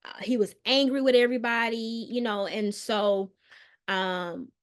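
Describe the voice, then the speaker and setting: A woman, a mental health counselor, recounting a painful personal story as a podcast guest, earnest and hesitant with many pauses and restarts, dropping softer on the hardest details. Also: a little high, fairly even intonation. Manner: soft and subdued on painful details.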